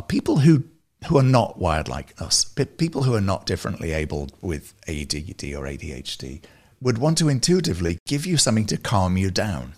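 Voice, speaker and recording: A man being interviewed over a video call, talking casually and animatedly about his music service, often restarting his sentences. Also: on the low side. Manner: animated, restarts often, laughs between points. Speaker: guest, music service founder.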